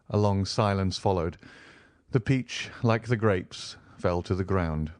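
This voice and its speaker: A man narrating a classic novel as an audiobook, in a measured, even storytelling manner. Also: low-pitched, no echo, studio quality. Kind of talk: scripted narration.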